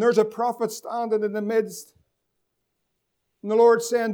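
A man's voice: high voice, level tone, normal speed, long pauses, mellow. A man from preaching a sermon as pastor, asking the congregation questions and drawing out key words for emphasis.

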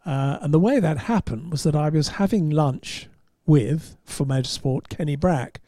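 A man, a podcast host and motoring journalist, telling an anecdote in an animated way and chuckling at his own punchlines. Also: fairly high pitch, moderate pace, dry recording, studio quality. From England. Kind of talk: anecdotal storytelling.

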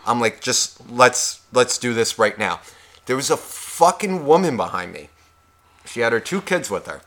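Animated, bright-voiced man ranting. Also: mid-range voice, brisk. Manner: animated, profane, acts out both sides of conversations. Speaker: podcast co-host. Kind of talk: casual storytelling rant.

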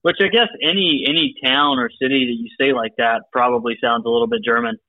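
A man's voice: mid-range voice, steady tone, fast, no room sound. Jokey man on a tinny phone line. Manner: jokey, upbeat. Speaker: phone-in guest. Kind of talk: casual sports chat. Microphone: telephone.

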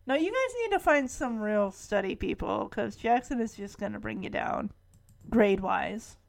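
A woman's voice: medium pitch, animated, moderate pace, gravelly. A woman casually recapping a TV episode, with sarcastic, amused asides.

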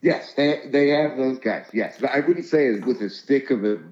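A man's voice: mid-range voice, normal speed, a little mellow. A man from the Bay Area chatting casually, hesitant and full of fillers, often trailing off. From San Francisco Bay Area. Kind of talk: casual chat. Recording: roomy, dull lo-fi sound.

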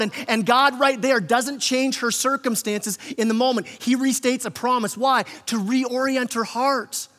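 A man's voice: extremely high pitch, steady tone, unhurried, hardly any pauses, a bit bright, long reverb tail. A man preaching a conversational sermon as pastor, often repeating words and acting out quotes. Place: church hall.

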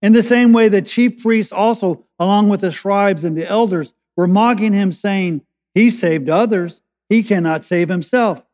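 High-voiced preacher in an echoey hall. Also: male voice, darkish tone. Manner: preaches with slow emphatic pauses and rising urgency. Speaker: pastor. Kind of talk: sermon. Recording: echoey hall with long reverb.

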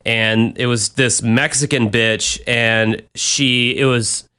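A man's voice: mid-range voice, steady tone, slow, sharp tone, clear, resonant tone. A young man co-hosting a podcast, chatting casually and telling loose, rambling stories with some swearing. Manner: rambling, loose storytelling with profanity. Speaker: podcast co-host. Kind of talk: casual chat.

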